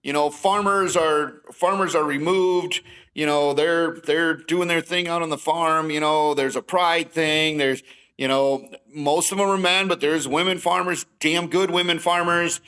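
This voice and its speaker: Podcast guest, middle-aged man, bright and forceful tone, lively storyteller. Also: on the high side, unhurried, smooth, poor audio. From Wisconsin. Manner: animated storytelling, acting out both sides of conversations. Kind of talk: casual storytelling.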